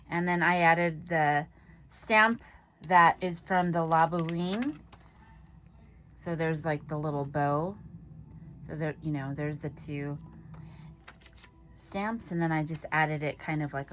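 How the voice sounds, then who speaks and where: A woman's voice: fairly low pitch, fairly bright tone. A woman vlogger casually chatting as she shows off her handmade craft tags, giggly and self-deprecating. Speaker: papercraft vlogger. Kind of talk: casual show-and-tell chat.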